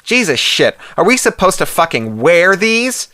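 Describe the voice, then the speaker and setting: A man voicing a brash, foul-mouthed young American man with a twang, yelling in anger. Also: high voice, sing-song, unhurried, no echo, studio quality, voice pushed up, exaggerated voice. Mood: outraged. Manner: shouting, furious, crude.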